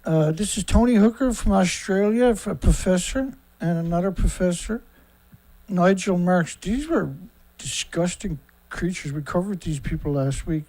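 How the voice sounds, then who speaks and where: A middle-aged man hosts a daily news livestream in a loose, rambling style full of asides. His voice sits a little on the high side, and he is blunt and sarcastic, swearing freely. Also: moderate pace, a little mellow. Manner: rambling with frequent fillers and asides. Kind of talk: casual livestream commentary.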